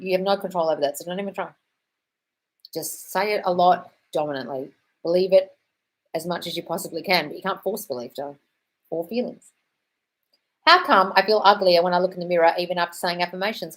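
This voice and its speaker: A young British woman hosting a casual live Q&A, blunt and swearing freely, calling listeners darling. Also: fairly low pitch. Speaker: host answering viewer questions.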